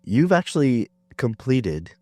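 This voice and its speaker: A Canadian man hosting a casual podcast while sick, chatting in a relaxed, self-deprecating way with plenty of fillers. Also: mid-range voice, slow, dry recording. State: sick, under the weather. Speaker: podcast host. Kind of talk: casual chat.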